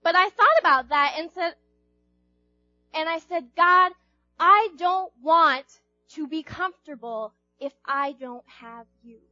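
A woman's voice: high voice, expressive, a little slow, pushed and bright, no room sound, dull audio, faint music behind. A young woman giving an informal, chatty sermon to a group, asking the audience questions and acting out quotes. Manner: chatty, playful, acts out quotes, asks the audience. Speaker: youth speaker.

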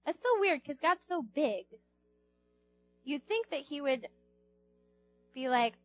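A woman's voice: high-pitched, expressive, slow pace, pauses often, lo-fi sound, soft background music. A young woman giving a casual youth sermon, chatty, acting out Bible characters in little voices. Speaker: youth group speaker.

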